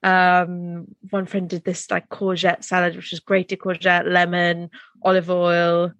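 A woman's voice: fairly low pitch, completely flat delivery, a bit bright, dry recording, highs cut off. Gushing woman chatting. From Wales. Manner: chatty, gushing, quick to laugh, lots of fillers. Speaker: podcast co-host. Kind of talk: casual chat.

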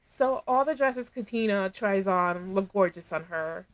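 A woman's voice: medium pitch, animated, unhurried, poor audio. A woman in her thirties co-hosting a podcast, recapping a show in a wry, sarcastic way. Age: 30s. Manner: wry, sarcastic, recaps scenes with quoted voices. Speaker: podcast co-host. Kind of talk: casual recap chat.

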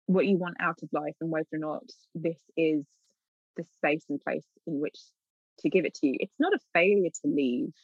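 A woman's voice: low voice, normal speed, slightly rough, no echo. A woman in an interview, a literary agent telling stories candidly and acting out her own past remarks with lots of laughter. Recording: dull, dry sound.

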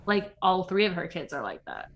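A young woman co-hosting a casual chat about reality TV, talking fast and laughing often. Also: fairly low pitch, sing-song, lo-fi sound, slight background noise. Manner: chatty, laughing, quoting people in mock voices. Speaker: podcast co-host.

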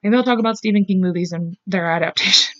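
A woman's voice: medium pitch, fast, a bit bright, no room sound, dull audio. A woman hosting a podcast, telling a true story in a casual, chatty way, with frequent swearing and laughing asides. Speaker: podcast host.

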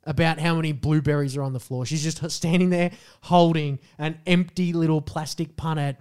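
A man telling a story on a casual podcast. He swears freely and is animated, with loud bursts when he quotes people. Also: a little high, brisk, clean tone. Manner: animated, profane, jumps into loud voices when quoting people. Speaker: podcast co-host.

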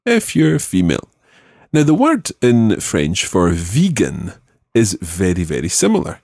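A male language teacher leading a spoken lesson, patiently modelling words slowly and clearly. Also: low voice, wildly swooping pitch, a little mellow, no echo, clean studio sound.

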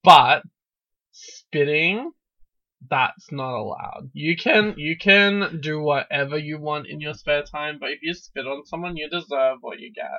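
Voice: medium pitch, unhurried, pushed and bright. A podcast co-host in casual chat, crude and sweary, often laughing. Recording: dull lo-fi recording.

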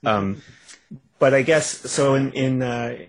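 A man's voice: mid-range voice, slow pace. A man from Canada, a guest author in a casual interview on a phone line, telling his story in a wry, self-mocking way with lots of restarts.

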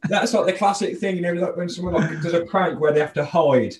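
A man's voice: sits high, fairly quick, very noisy. A man, a comedian, chatting casually on a podcast and laughing often. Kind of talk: casual chat.

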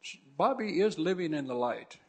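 A man's voice: a little high, very animated, moderate pace, husky. A man preaching a sermon to his congregation as their pastor, fervent and exhorting, repeating phrases for emphasis. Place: church service before a congregation.

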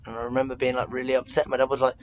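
A man's voice: medium pitch, monotone, racing, muffled recording, slight background noise. Chatty young English man telling stories. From England. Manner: chatty storyteller, lots of fillers and self-mocking asides. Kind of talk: casual chat.

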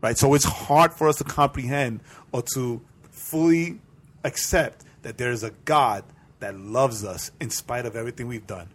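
An earnest man co-hosts a casual faith podcast with a husky edge to his voice. He explains his beliefs in a preachy, measured way and keeps asking "right?" to pull the listener along. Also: mid-range voice. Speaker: podcast co-host.

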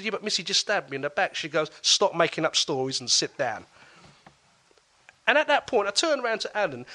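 A man tells a personal story as an interview guest. He talks animatedly, with a bright and forceful tone. He often restarts his sentences mid-thought. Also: a little high. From England.

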